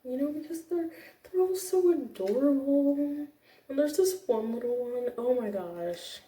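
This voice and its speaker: Speaking a little slowly, this young woman has a high, dark-toned, expressive voice. She teaches computer classes and here gushes in casual vlog chatter, restarting frequently. The echoey room and distant placement make her sound far from the microphone.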